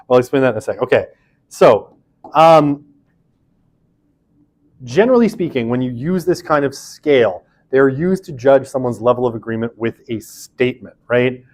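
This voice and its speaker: A man's voice: mid-range voice, a little mellow. A man giving a casual university lecture, chatty, full of fillers and self-deprecating asides.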